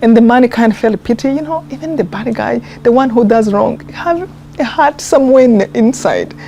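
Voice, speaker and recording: A woman speaks in a mellow, warm voice, telling her story in an earnest, heartfelt way. She pauses and restarts as she searches for words, and soft music plays faintly behind her. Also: on the high side, animated. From Rwanda. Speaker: interviewee, genocide survivor. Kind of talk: personal testimony in a documentary interview.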